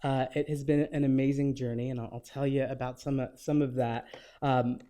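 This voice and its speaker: A man in his forties giving a lecture, telling personal anecdotes in a relaxed, conversational way with gentle humor. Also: mid-range voice, a little fast, clean tone. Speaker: guest lecturer.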